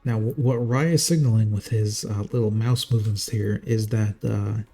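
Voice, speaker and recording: A man's voice: lowish voice, fairly even intonation, moderate pace, mellow, husky, soft background music. A man casting a strategy game live in a casual, jokey, chatty way. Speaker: game caster.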